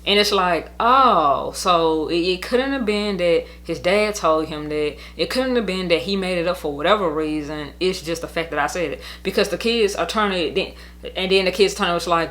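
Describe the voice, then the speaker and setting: A woman's voice: on the low side, moderate pace, a bit bright. A young woman telling her custody story in a casual storytime monologue, blunt, heated and profane, rambling as she goes.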